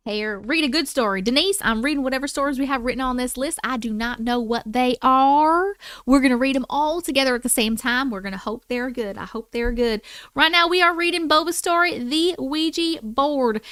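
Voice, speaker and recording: A woman's voice: sits high, a bit bright, clean tone, no room sound. A woman hosting a livestream, chatting casually with viewers and reading their stories aloud in a playful, chatty way that includes casual swearing. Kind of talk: casual live chat and story reading.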